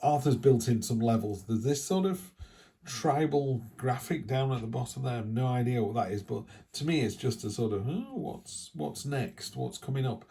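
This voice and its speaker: A middle-aged man giving a casual tarot reading in a chatty, rambling way with animated asides. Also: mid-range voice, normal speed. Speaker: tarot reader.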